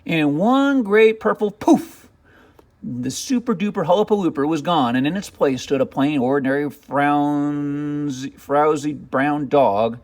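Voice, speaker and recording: A man reading a children's picture book aloud as narrator, with expressive, dramatic storytelling. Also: a little high, a little slow.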